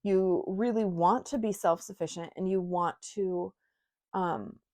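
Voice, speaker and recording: A woman's voice: medium pitch, fairly even intonation, measured pace, a little mellow. A young woman giving a casual, intuitive tarot reading to her viewers, talking frankly with lots of fillers and asides. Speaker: tarot reader.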